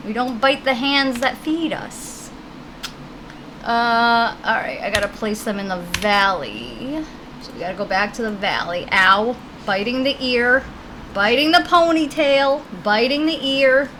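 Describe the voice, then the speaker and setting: Woman game streamer, casual and chatty, a bit high-pitched, faint hiss behind her. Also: animated, measured pace, pushed and bright, low-quality recording. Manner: chatty, talks to her puppies between game lines. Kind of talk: casual live-stream chat.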